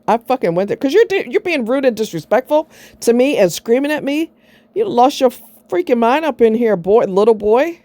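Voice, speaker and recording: A woman's voice: fairly high pitch, warm tone, no room sound. A middle-aged woman vlogging, telling a personal story in a blunt, sarcastic way and swearing freely.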